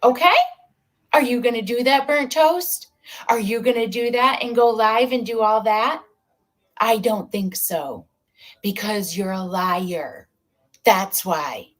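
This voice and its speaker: A woman's voice: on the high side, takes it slowly, a bit bright. A woman on a played livestream clip, ranting and taunting in a confrontational, repetitive way.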